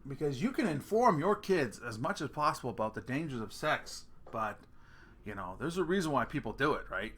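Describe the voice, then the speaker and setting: A man's voice: medium pitch, very animated, fairly quick, fairly bright tone, breathy edge. A middle-aged man telling family stories in a casual rant, swearing freely and laughing at his own punchlines. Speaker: vlogger.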